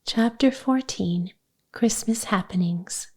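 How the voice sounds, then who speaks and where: Slow, mellow woman narrating a story. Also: medium pitch, breathy edge. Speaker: audiobook narrator. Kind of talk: scripted narration of a children's book.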